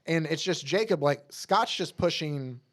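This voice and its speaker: A man's voice: on the high side, animated, measured pace, a bit bright. A man co-hosting a podcast, casually retelling comic book scenes with lots of "like" and "you know". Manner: retells comic scenes, quoting characters in his own voice; many fillers like "like" and "you know". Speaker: podcast co-host. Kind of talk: casual chat.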